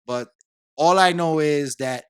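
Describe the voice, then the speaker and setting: Animated man telling a story. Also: a little high, slow, clean tone, dry recording, clean studio sound. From Puerto Rico. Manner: animated storyteller, repeats words and phrases. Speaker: podcast guest. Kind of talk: casual conversation.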